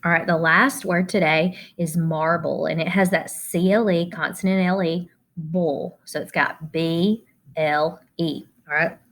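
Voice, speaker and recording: A woman's voice: fairly low pitch, steady tone, measured pace, fairly bright tone. A woman teacher giving a spelling lesson to children, sounding out letters and syllables one at a time.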